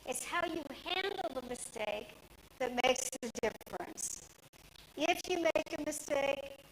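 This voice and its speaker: Woman trainer lecturing a class, high voice, takes her time, bit of room hum. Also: animated, unhurried, low-quality recording. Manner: instructive, direct, uses fillers. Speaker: media trainer. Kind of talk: presentation to a class.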